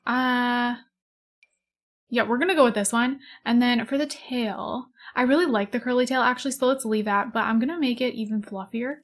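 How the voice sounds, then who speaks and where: Her voice sits on the high side with fairly even intonation and a moderate pace. She's a young woman in her twenties, a gaming YouTuber rambling through casual let's-play chat, giggling and gushing over adorable animals.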